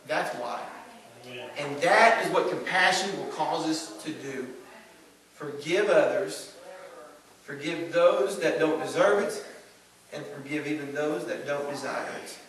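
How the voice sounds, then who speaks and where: A man with a Southern American accent preaching a sermon as pastor, swinging between loud emphasis and hushed asides. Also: a little high, unhurried. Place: church sanctuary. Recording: echoey church from far off.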